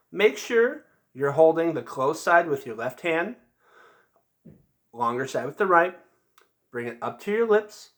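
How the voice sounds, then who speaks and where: Man, band teacher, bright tone, slightly high voice, patient step-by-step demonstration, checks in often. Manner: patient, step-by-step instructing with frequent check-ins. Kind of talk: instrument lesson demonstration.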